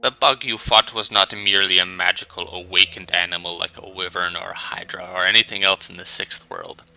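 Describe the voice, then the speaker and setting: A man's voice: low voice, steady tone, brisk, gravelly, bright, forceful tone, soft background music, voice pushed down, exaggerated voice, poor audio. A man voicing a flamboyant, sly male elf sage in a video game, theatrical and lecturing.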